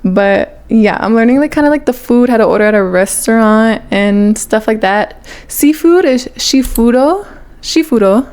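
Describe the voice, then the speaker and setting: A young woman with a somewhat high voice chats casually to her vlog camera. She rambles along, peppering her talk with "like" and the odd swear word. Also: animated, moderate pace, a little mellow, clear, resonant tone. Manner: chatty, rambling, fills with 'like', casual swearing. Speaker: vlogger.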